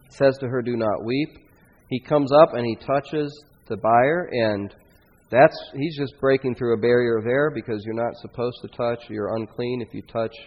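A man preaching a sermon as pastor, storytelling with dramatic swings in volume when he voices the people of the story. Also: fairly low pitch. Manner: dramatic, rising and falling loudness when quoting scripture figures. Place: church sanctuary. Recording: dull lo-fi sound in a long-reverb church hall.

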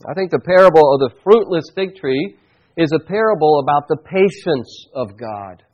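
A man's voice: a little high, lively intonation, lo-fi sound. Earnest man preaching a sermon. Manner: earnest, reflective preaching with slow emphatic stresses. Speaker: pastor.

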